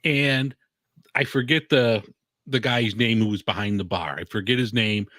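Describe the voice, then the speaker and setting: A man's voice: medium pitch, moderate pace, bright, forceful tone, no room sound. Rambling man in a dry studio. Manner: rambling storyteller, heavy on filler "like", swears casually. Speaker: show host. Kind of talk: casual chat.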